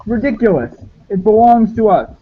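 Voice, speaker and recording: Guy doing a snooty fortress guard, high voice, scornful, muffled lo-fi audio. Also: sing-song, moderate pace, a little hiss or hum. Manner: contemptuous, lofty. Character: haughty human fortress guard, man, scornful. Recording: dull lo-fi audio.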